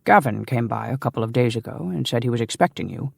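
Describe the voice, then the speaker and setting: A deep-voiced English nobleman, young and sly, who needles his friend with playful mockery, as a male narrator reads him. The voice is low and gravelly, and the sound is close and dry. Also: lively intonation, quick pace, dry recording, exaggerated voice. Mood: teasing. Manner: mocking, playful.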